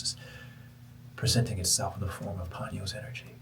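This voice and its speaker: A man hosting a podcast, telling a personal spiritual story in a lively, preacher-like way. He moves between loud exclamations and hushed, whispered passages. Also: lowish voice, fast talker, far from the mic, crowd noise, rough recording. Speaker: podcast host. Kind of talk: motivational storytelling.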